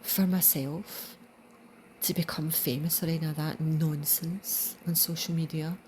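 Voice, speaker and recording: A woman with a Scottish accent giving an earnest spiritual reflection, dropping into soft whispers for emphasis. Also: low-pitched, steady tone, a little slow, a little hiss or hum. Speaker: channel host.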